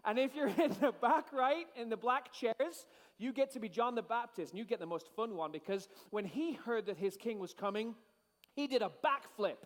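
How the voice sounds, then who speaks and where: A man's voice: extremely high pitch, normal speed. A man preaching as pastor, playful and rousing with a congregation in a large church. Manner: playful, hyped crowd-rousing with shouted cues. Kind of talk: energetic sermon to a congregation. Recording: long hall reverb.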